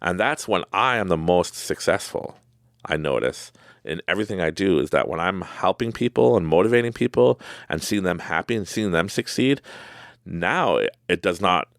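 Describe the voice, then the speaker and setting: A man's voice: sits low, a little fast, dry recording, studio quality. A man hosting a podcast, telling casual, rambling stories, laughing often and acting out quoted people. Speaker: podcast host. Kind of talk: casual storytelling monologue.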